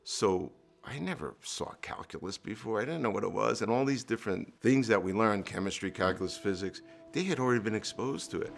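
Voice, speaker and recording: Deep gravelly man telling his story. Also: animated, a little fast, few pauses, soft background music. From New Jersey, USA. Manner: earnest storytelling with fillers and restarts. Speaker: entrepreneur guest. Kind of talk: candid life-story interview.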